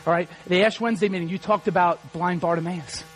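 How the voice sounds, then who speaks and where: A man preaching a sermon as pastor, animated and rising to shouts. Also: high voice, fast, rough recording.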